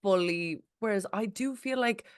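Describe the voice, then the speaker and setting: A woman's voice: medium pitch, moderate pace, smooth, no echo, studio quality. A woman co-hosting a pop culture podcast, giving wry, reflective commentary in casual chat. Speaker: podcast co-host.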